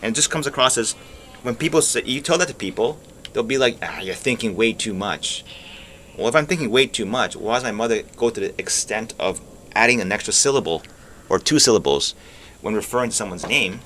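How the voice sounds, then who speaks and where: While gaming, a streamer muses out loud in a wandering way, dropping casual swears and abandoning sentences halfway. He talks quickly in a mid-range voice that is bright and forceful, with lively intonation. There's slight noise in the background.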